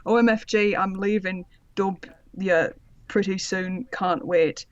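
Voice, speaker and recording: A woman's voice: mid-range voice, steady tone, slow pace, no room sound. Sardonic woman reading aloud. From Britain. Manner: sardonic asides, laughing while reading. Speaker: podcast co-host and narrator of the reading. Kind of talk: comedic dramatic reading with commentary. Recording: slightly dull lo-fi audio.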